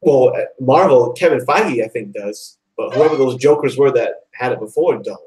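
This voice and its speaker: A man hosting a live online talk show, chatting excitedly and rambling, with lots of "like" and "dude". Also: mid-range voice, normal speed, rough recording. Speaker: host. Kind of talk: casual chat.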